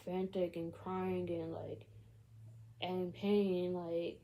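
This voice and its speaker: Rambling woman with a dark, mellow voice. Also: on the low side, little pitch movement, takes it slowly, rough recording. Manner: rambling, full of "like" and "you know". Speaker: film recap vlogger. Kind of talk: casual plot retelling.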